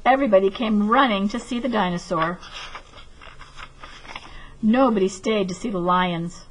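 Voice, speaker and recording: A woman teacher reading a picture book aloud to children and then explaining a craft project, clear and patient. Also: mid-range voice, normal speed, a little hiss or hum, poor audio.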